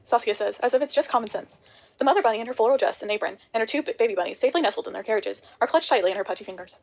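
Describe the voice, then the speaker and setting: A woman reading a novel aloud, rushing and often stumbling over words. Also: fairly high pitch, rough recording. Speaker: audiobook reader.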